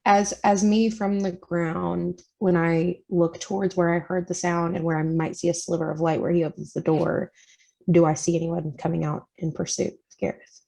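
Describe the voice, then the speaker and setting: A woman's voice: lowish voice, flat delivery, moderate pace, creaky, mellow, poor audio. A woman playing a tabletop game, chatting casually and laughing often. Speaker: player.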